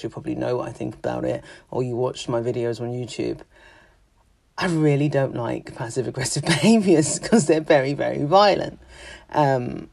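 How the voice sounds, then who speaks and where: Therapist doing a podcast rant, gravelly voice, super dry close sound, blunt and emphatic. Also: medium pitch, darkish tone, no echo. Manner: direct, explaining with emphasis, some laughs. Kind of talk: podcast monologue on psychology.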